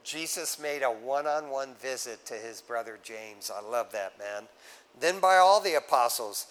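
Animated but a little slow, a male pastor preaches in a casual, conversational style, frequently calling his listeners "man." His delivery moves from loud exhortation down to hushed, low tones, captured on a low-quality recording.

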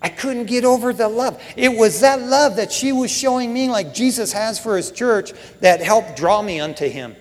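A man's voice: high voice, lively intonation, moderate pace, few pauses. A middle-aged man preaching a sermon as pastor, folksy and emotional, with "man" and "you know" all through his talk. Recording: long hall reverb.

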